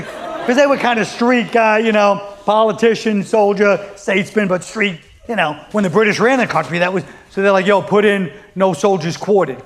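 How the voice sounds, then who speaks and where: A man's voice: sits high, slight background noise. A man doing stand-up comedy, riffing in a rambling, profane, sardonic way and acting out quotes.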